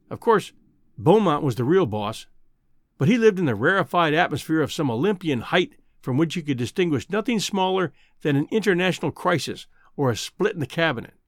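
Casting note: a male storyteller with a lively, slightly high voice, recorded dry and close. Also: no room sound. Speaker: audiobook narrator. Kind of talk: scripted narration.

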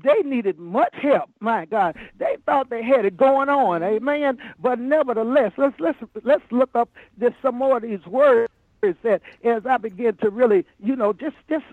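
A man's voice: very high voice, normal speed, no room sound. Man preaching hard, amen every other line, thin tinny dry sound. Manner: fervent, peppered with "amen" and "my God". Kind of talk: sermon.

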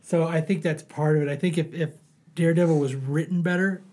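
A man co-hosting a casual chat, relaxed and full of fillers like "like". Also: a little high, a little fast. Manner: relaxed, filler-heavy, frequent "like". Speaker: podcast co-host.

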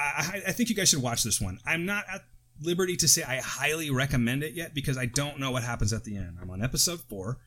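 An American podcast co-host with a mid-range, sharp-toned voice chats casually close to the mic. He rambles off on tangents and cuts himself off.

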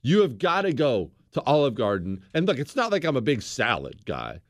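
A man's voice: mid-range voice, wildly swooping pitch, moderate pace, no echo, clean studio sound. A man hosting a political commentary show, talking in a sarcastic, teasing, exasperated way. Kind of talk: sarcastic monologue.

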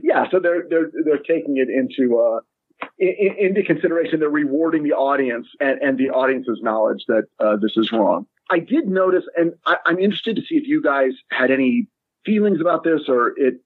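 A man's voice: fairly high pitch, husky, no room sound. Man on a tinny remote line. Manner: animated, restarts often and acts out quoted lines. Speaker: screenwriter guest. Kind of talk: casual podcast discussion.

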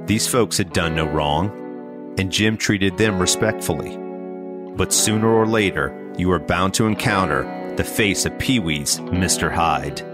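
Deep-voiced male documentary narrator. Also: unhurried. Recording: narration over guitar music. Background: guitar music.

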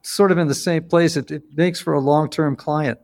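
Male podcast host, fifties, gravelly and slightly high, reflective storyteller, faint music bed. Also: fairly even intonation, a little mellow. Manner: reflective, storytelling, slows down for emphasis. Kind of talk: conversational interview. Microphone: video call.

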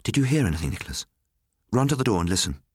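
A man reading a story aloud, voicing a bitter middle-aged mother in a higher, shrill voice. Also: big pitch swings, very fast, darkish tone, breathy edge, no echo, clean studio sound. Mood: anxious. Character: bitter, harsh mother, woman of middle age.

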